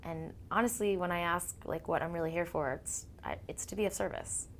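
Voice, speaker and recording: Woman in her 30s, lively storyteller, acts out voices, casual interview. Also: lowish voice, brisk. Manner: animated storyteller, acts out quotes, laughs often. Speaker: interviewee, singer-songwriter.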